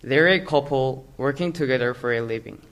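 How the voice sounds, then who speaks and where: A man's voice: mid-range voice, brisk, a bit bright. A young man with a Korean accent, a native Korean speaker, carefully reading his own essay aloud.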